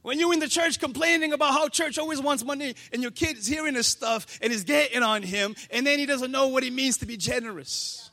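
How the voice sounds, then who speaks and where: Pastor guy preaching, really high bright voice, fired up and pushy. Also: brisk, hardly any pauses. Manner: passionate, preaching with rising shouts. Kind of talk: sermon.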